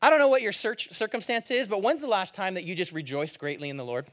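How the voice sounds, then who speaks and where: A man preaching a sermon as a pastor, talking in a lively, conversational and emphatic way with playful asides. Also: high-pitched, fast.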